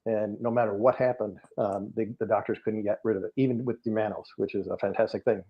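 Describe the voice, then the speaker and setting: A man's voice: lowish voice, steady tone, a little fast, husky. A middle-aged man, a guest energy healer, telling client stories in a podcast interview, earnest and rambling with many fillers and restarts. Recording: dull lo-fi audio.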